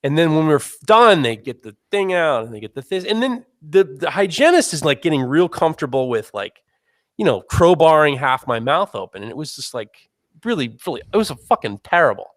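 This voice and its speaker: A man in his forties telling a self-mocking story in casual chat, animated and swearing as he talks. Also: on the high side, a little fast, no room sound, clean studio sound. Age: 40s. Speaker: podcast host.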